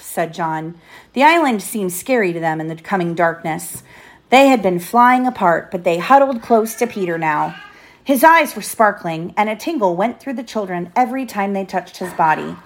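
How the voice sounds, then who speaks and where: A woman's voice: mid-range voice, expressive, normal speed. A woman reading a children's storybook aloud to her child, lifting her voice for the characters' lines.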